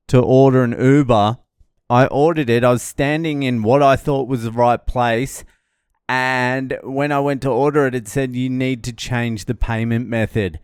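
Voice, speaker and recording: A man's voice: mid-range voice, clean tone, no echo, clean studio sound. A middle-aged man swearing freely as he recounts a stressful arrival in a casual travel vlog. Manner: swearing, animated storytelling. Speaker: vlogger.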